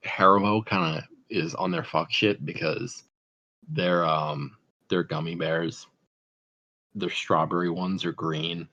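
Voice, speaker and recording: A young man co-hosting a podcast, chatting casually in a rambling, deadpan way full of "like". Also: sits low, slow pace, lo-fi sound. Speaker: podcast co-host. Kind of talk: casual chat.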